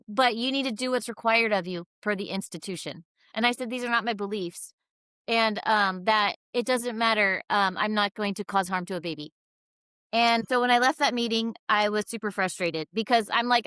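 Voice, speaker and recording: A woman nurse in an interview, telling her own story with lively quoted dialogue and frequent laughs. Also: medium pitch, clean tone, dry recording. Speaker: guest nurse.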